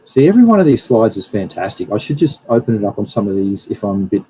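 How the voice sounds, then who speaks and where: A very animated, fast-talking plant scientist hosts a live stream, reading through slides while rambling, chatting and correcting himself. His voice is fairly low and dark, and the poor audio carries a little hiss or hum.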